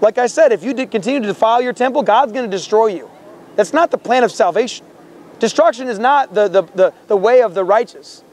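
Very high-pitched fervent male street preacher. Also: darkish tone. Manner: fervent, quotes scripture, repeats words. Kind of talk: confrontational open-air preaching. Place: outdoors on a university campus.

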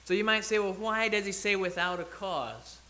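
A man delivers a sermon in a church, with a fairly high, bright and forceful voice. He talks it through like a conversation, stopping to restart or correct himself as he thinks out loud. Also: normal speed. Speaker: preacher.

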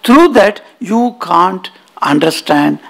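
A monk lecturing, his voice pitched high with a gravelly, husky grain. He tells the story emphatically and keeps folding Sanskrit terms into plain explanation. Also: lively intonation, slow pace, fairly bright tone. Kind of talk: spiritual lecture. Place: auditorium.

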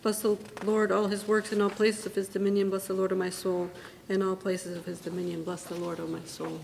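A woman serving as liturgical reader, reciting psalms in a brisk, even manner at a church service. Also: medium pitch, gravelly. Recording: long church reverb with faint background noise.

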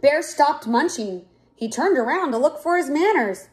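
A woman reading a children's picture book aloud in a clear, expressive way. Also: high-pitched, normal speed. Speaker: storyteller.

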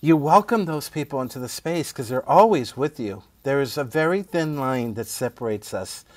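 A man's voice: mid-range voice, moderate pace, no room sound. A middle-aged man, a playwright guest telling stories in casual conversation, laughing often and asking "right?". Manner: animated storyteller who laughs often and asks "right?".

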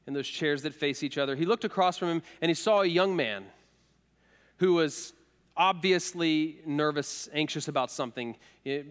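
A man preaching a sermon as pastor, speaking earnestly and emotionally and moving from loud appeals to hushed tones. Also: fairly high pitch, big-room sound. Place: church sanctuary.

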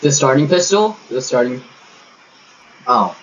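A man's voice: mid-range voice, sing-song, unhurried. A young man chatting with teammates while gaming, crude and joking, bickering and telling stories. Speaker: gamer streaming with friends. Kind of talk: casual party chat over gameplay. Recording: distant, dull lo-fi mic with faint hiss.

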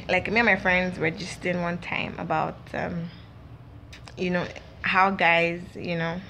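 A woman's voice: lowish voice, a bit bright, a little hiss or hum. A young woman, chatting and gossiping casually to her viewers with lots of fillers. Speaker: vlog host. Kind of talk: casual chat to camera.

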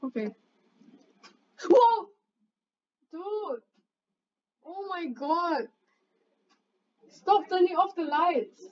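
A young woman, chatting excitably and bossily with a friend while commenting on a game, swearing casually. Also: extremely high pitch, slow, pauses often. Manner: excitable, chatty, bossy banter. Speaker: gamer. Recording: dull lo-fi mic, faint background noise.

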